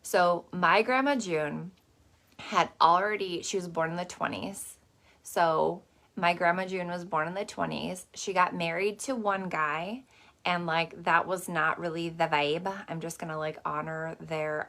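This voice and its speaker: A woman's voice: on the low side, steady tone, a little slow, vocal fry, a bit bright. A woman hosting a motivational masterclass in a casual, chatty, salty way, dropping lots of "like" and "okay". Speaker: host.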